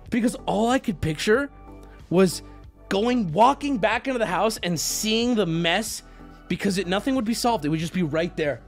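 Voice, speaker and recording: A high-voiced man streaming to his chat tells a long, rambling story, cursing often, laughing at himself, and mocking his own overreaction.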